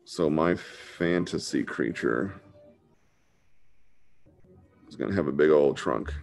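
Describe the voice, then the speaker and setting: Man, drawing teacher, casual online lesson, very deep voice, gravelly fry, laid-back. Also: expressive, takes it slowly, a little mellow. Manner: laid-back and chatty, says dude a lot. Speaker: drawing instructor.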